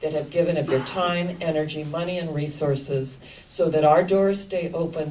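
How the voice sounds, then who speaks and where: A woman minister delivering an animated, affirming sermon to her congregation, asking them questions. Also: low-pitched, slight background noise. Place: church sanctuary. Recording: distant sermon recording with music behind. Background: music playing.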